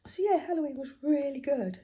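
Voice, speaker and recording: An older woman, chatting casually about family while she stitches at home, telling stories with lively swings and quiet hushed asides. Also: high-pitched, fairly quick. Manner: chatty, animated storytelling, dropping to hushed asides. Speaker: craft vlogger.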